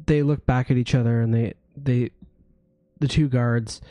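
A man's voice: medium pitch, steady tone, measured pace, dark tone, dry recording. A man narrating as game master in a tabletop game, casual with frequent restarts.

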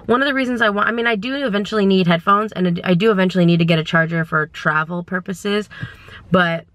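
A young woman, vlogging casually from her car and around stores, rambling and indecisive, getting excited as she talks. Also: fairly low pitch, quick pace, no echo. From California. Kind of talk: casual vlog chat.

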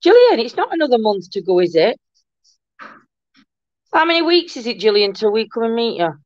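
Brief: older woman, livestream host, giggly and warm-hearted chat, lo-fi dry mic. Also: fairly high pitch, sing-song, brisk, dry recording. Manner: chatty, greets viewers with endearments, giggly. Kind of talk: casual live chat reading comments. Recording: muffled lo-fi dry room sound.

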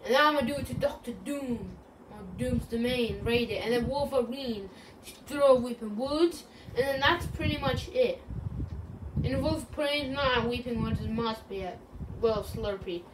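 A woman's voice: on the high side, moderate pace. A woman rambling through silly, self-joking commentary while playing a video game. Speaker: gaming channel host. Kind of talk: casual gameplay commentary. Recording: distant mic with clear background noise.

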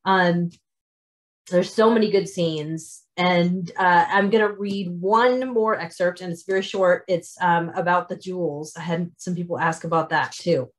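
A woman's voice: fairly low pitch, steady tone, measured pace. A middle-aged woman author chatting casually about her novels, with many fillers and restarts. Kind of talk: casual talk about her novels, then reading aloud.

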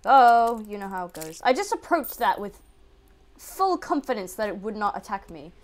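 A woman giving casual let's-play commentary, excitable, yelping at enemies and muttering to herself. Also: mid-range voice, normal speed. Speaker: gaming video creator.

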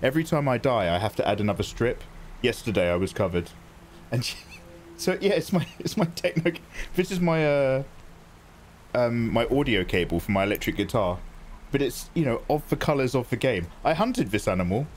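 A man chatting through live gameplay, excitable and jokey, thanking viewers as he plays. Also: medium pitch, normal speed, slight background noise. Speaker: gaming streamer.

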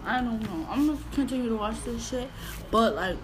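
Exasperated high-voiced woman reacting. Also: expressive, brisk, noisy background. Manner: exasperated, blunt, slangy, repeats herself. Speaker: video reactor. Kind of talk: casual reaction commentary.

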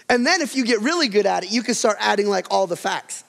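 A male pastor preaches in a big sanctuary, his fairly high voice carrying a long reverb tail. He is animated and acts out household arguments, climbing in pitch as he plays them. The delivery is a live sermon to a congregation. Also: fast talker, gravelly. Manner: animated, acts out quarrels with rising voice.

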